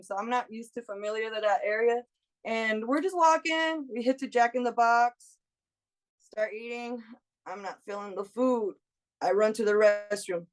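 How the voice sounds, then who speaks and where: Woman in her thirties, casual storytelling, animated, laughs a lot, slightly high voice. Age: 30s. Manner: animated, laughs often, acts out friends' lines. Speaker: guest.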